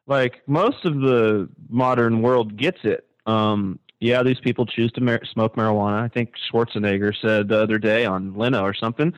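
A man's voice: normal speed, clear, resonant tone, no echo, low-quality recording. Man co-hosting a casual talk show, speaking in a mid-range voice that swings up sharply when he turns sarcastic. His delivery is loose and chatty, full of restarts. The recording is close and dry, with no room sound around him. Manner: animated and sarcastic, voice jumping high when mocking. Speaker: podcast co-host.

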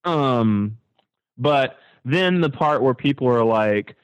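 A man co-hosting a casual talk show, animated and sarcastic, his voice leaping high when he mocks something. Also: slow pace, clean tone, no echo, poor audio. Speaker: podcast co-host.

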